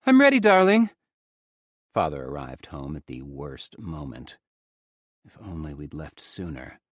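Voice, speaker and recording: A man narrates a first-person audiobook in a grave, measured manner. His voice sits very low and he takes his time over each phrase. The close studio sound is dry, with no room around it. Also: husky, dry recording.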